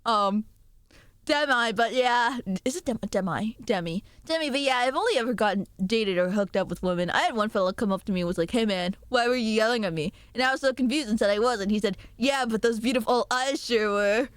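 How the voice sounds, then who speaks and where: A young woman streaming and chatting casually with viewers, giggly and animated. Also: smooth, dry recording. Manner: giggly and animated, quick jumps in pitch. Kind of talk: casual chat reading viewer messages.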